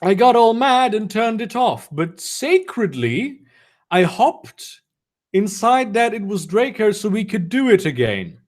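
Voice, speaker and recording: A man's voice: sits high, sing-song, measured pace, a little mellow. A man reading a fan story aloud for comedy, breaking off for mocking, sarcastic asides. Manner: sarcastic, mocking commentary between read lines. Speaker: reader of fan fiction.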